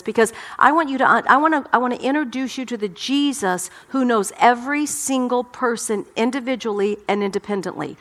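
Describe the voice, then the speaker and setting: A woman's voice: fairly high pitch, fairly bright tone. A middle-aged woman pastor delivering a sermon, emphatic and impassioned, often repeating her words.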